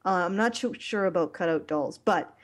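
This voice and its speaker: A woman hosting a casual podcast chat, talking in a rambling, halting way with many fillers and restarts. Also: lowish voice. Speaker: podcast host.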